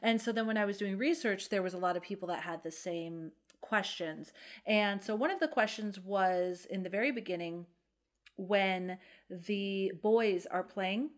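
A woman's voice: medium pitch, normal speed. A woman in her thirties, a mother, co-hosting a casual podcast in a chatty, self-deprecating way with frequent "um"s. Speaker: podcast co-host. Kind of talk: casual chat.

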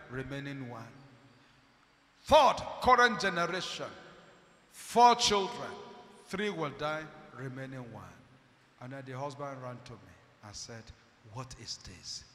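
Preacher shouting in a reverberant hall. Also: male voice, a little high. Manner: dramatic, swings from shouting to hushed; calls out to the congregation. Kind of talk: sermon. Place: church hall. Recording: echoey church hall.

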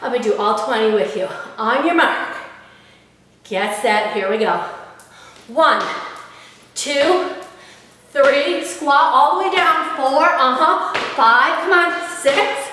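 A woman's voice: high-pitched, slow, long pauses, sharp tone, a little hiss or hum. A woman leading a workout class, counting reps and cheering the viewer on, out of breath at times. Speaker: fitness instructor. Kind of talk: workout instruction. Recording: echoey room, far from mic.

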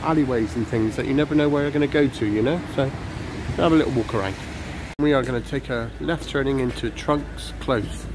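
A man narrating a casual walking vlog outdoors in light rain, chatty and rambling, filmed on a handheld camera. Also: on the high side. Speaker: vlogger. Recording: noisy street with traffic.

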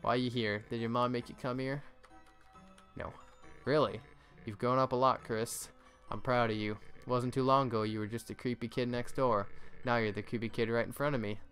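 A man's voice: mid-range voice, fairly even intonation, normal speed, a bit bright, faint music behind, lightly acted. A man doing a jokey bedridden reindeer dad. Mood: folksy. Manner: joking, folksy.

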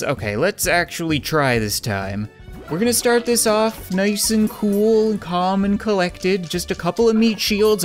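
A man hosting a let's play, giving casual, joking, rambling gameplay commentary. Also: a little high. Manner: joking, rambling, self-mocking.

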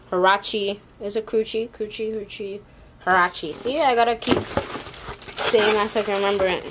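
A woman's voice: mid-range voice, noisy background. Breathless chatty young woman vlogging. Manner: chatty, addresses viewers as y'all, rambling asides. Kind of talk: casual sneaker haul vlog.

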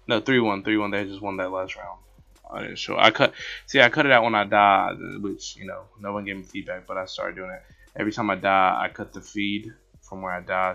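A man casually commentating over his own gameplay footage, rambling, excitable and poking fun at himself. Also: deep voice, vocal fry. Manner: rambling, excitable, self-mocking. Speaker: gaming channel host. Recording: dull lo-fi with background music.

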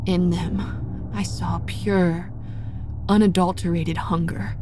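A woman narrating a first-person horror story in a measured, dramatic storytelling manner. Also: fairly low pitch, level tone, music in the background.

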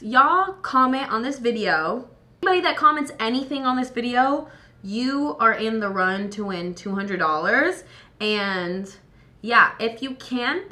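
A young woman vlogging, tipsy and a little hoarse, chatting loosely and with plenty of swearing while doing her makeup at home. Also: on the high side, bright, forceful tone. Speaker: beauty vlogger.

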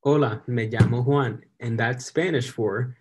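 A young man student reading a children's picture book aloud in a gentle, friendly way. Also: medium pitch, unhurried, a little hiss or hum. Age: young adult. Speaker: guest reader. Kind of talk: storybook read-aloud.

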